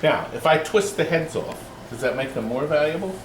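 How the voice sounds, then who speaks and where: A man's voice: a little high, lively intonation, fairly quick, echoey room, slight background noise. A man hosting a casual, joking video from his arcade game shop, teasing his guests and staff with playful outbursts. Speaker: host of a pinball shop channel. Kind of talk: casual joking chat on camera.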